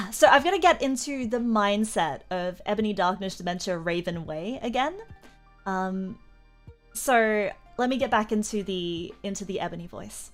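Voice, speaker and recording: A woman's voice: mid-range voice, animated, normal speed, soft background music. A young woman streamer reading a story aloud for laughs, giggly and mock-dramatic, with chatty asides. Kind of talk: comedic live-stream reading.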